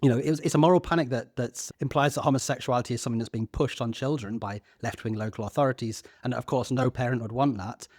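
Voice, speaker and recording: A man's voice: mid-range voice, fast talker, few pauses, a little mellow, dry recording, clean studio sound. A man in his thirties co-hosting a podcast, talking earnestly with a few stammered restarts. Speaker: podcast co-host. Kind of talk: casual discussion.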